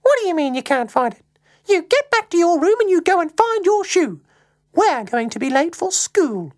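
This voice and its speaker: A woman voicing an exasperated mother hurrying her son, shrill and scolding. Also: wildly swooping pitch, slow pace, heavily acted.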